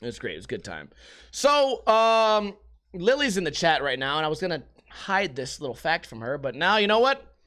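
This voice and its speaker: A man's voice: fairly high pitch, sing-song, normal speed, sharp tone. A young man hosting a podcast, rambling through profane, jokey stories in casual chat. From United States. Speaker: podcast host.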